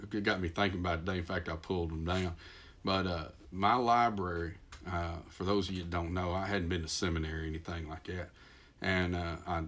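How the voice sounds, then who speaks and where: Deep-voiced folksy Texan preacher. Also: male voice, a bit bright. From Texas. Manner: folksy, self-deprecating, rambling with many fillers and restarts. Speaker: pastor. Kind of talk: folksy sermon.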